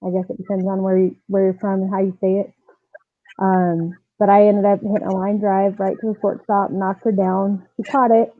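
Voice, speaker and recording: A woman softball coach telling her personal story as a podcast guest, earnest and animated, with frequent fillers. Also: medium pitch, moderate pace, no echo. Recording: tinny phone-like dry line.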